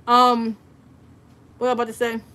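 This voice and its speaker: A woman hosting a crafting livestream from her home craft room, talking fast and chatty and laughing often. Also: a little high, completely flat delivery, sharp tone. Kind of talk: casual livestream chat and craft demo.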